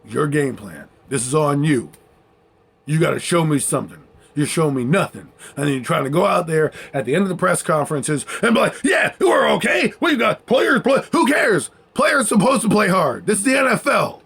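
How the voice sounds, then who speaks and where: A man's voice: fairly high pitch, animated, fairly quick, creaky, a bit bright, slightly rough. A man ranting as a sports commentator, heated and sarcastic, mocking and repeating his points for emphasis. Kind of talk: fired-up sports rant.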